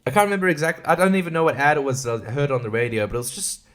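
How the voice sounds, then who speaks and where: A man hosts his own podcast alone, talking in a loose, profane ramble. His voice sits fairly high for a man, and he laughs often between thoughts. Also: lively intonation, rapid-fire, a bit bright. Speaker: podcast host. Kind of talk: casual solo podcast monologue.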